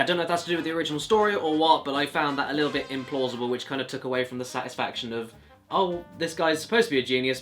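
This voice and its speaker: A man hosting a relaxed film review chat, rambling and correcting himself as he talks. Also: medium pitch. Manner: rambling, restarts and self-corrections. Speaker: channel host, film reviewer.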